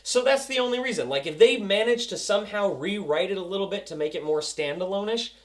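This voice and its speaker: A young man giving a casual, excitable video review of a TV episode and acting out the scenes with sound effects. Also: high-pitched, fast.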